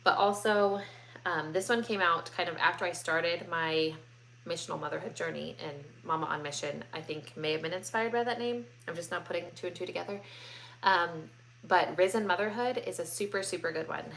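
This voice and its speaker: A woman's voice: fairly low pitch, brisk, creaky, fairly bright tone, a little hiss or hum. Chatty woman hosting a live Q&A. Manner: chatty, many ums and likes, reads comments aloud. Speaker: host answering viewer questions. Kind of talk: casual live Q&A chat.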